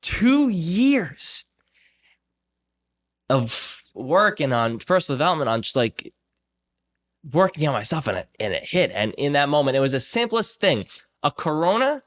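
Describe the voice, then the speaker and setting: A man's voice: medium pitch, a little fast. A young man hosting a podcast, telling stories casually and animatedly, acting out the people in them. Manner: animated storyteller, acts out quoted voices. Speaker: podcast host. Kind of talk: casual conversational storytelling.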